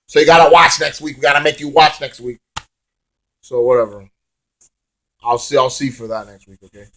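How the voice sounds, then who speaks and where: A man casually reviewing a wrestling show in a rambling, swear-laced manner, drifting into hummed song bits. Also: medium pitch.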